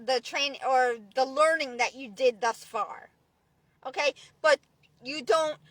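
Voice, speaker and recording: High bright woman ranting angrily. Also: no echo. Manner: profane, preachy, repetitive restarts. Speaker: vlogger. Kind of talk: angry ranting monologue.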